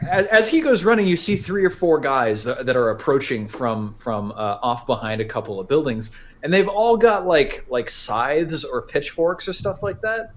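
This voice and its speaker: A man's voice: on the high side, expressive, normal speed. A man narrating a tabletop role-playing game as game master, casual and hesitant with lots of fillers.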